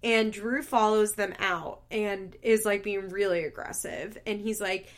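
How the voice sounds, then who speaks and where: A woman with a middle-pitched voice recapping reality TV on her podcast. She talks in a casual, gossipy and expressive way, swears freely, and breaks into laughter between remarks. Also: normal speed, few pauses. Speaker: podcast host.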